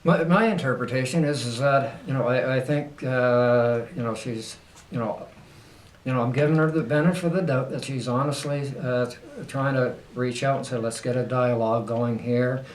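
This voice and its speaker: A man's voice: mid-range voice, moderate pace, recorded from a distance. A man answering interview questions in a hesitant, rambling way, slipping in wry jokes. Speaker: guest. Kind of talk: casual interview. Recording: echoey room.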